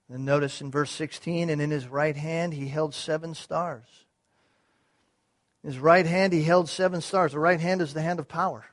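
Pastor, male, slightly high voice, dry close sound, builds from measured to booming. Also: steady tone, no echo. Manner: swings from quiet, measured teaching to loud, rising preaching; repeats phrases and asks rhetorical questions. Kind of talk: sermon.

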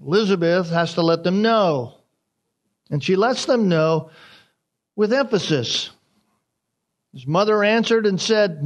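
A man preaching an expository sermon, animated, acting out the crowd's reactions as he retells the story. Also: sits high, moderate pace, highs cut off.

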